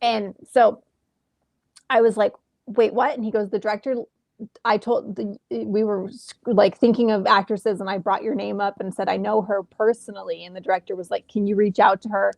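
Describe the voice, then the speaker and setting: A woman in her thirties, an actress telling a lively story in a casual interview from home over a video call, acting out the exchanges she quotes. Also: medium pitch, normal speed, vocal fry, no echo, muffled recording. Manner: animated, acts out quoted exchanges. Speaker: actress guest.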